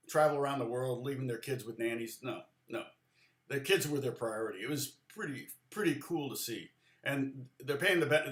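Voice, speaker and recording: A man's voice: mid-range voice, a bit bright, roomy sound. A middle-aged man giving a casual live guitar lesson, rambling and chatty, with many restarts and side stories. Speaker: guitar teacher.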